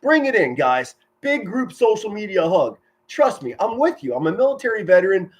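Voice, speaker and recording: Excitable high-voiced man calling football. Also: normal speed. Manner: enthusiastic, yells touchdown calls, chatty and sentimental with viewers. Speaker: amateur play-by-play commentator streaming live. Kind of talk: excited live football commentary and chat with viewers.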